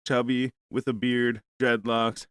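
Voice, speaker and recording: A man's voice: mid-range voice, little pitch movement, measured pace, a bit bright, clean tone, dry recording. A man hosting a podcast, telling a rambling, profane story in casual chat and acting out both sides of a conversation. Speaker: podcast host.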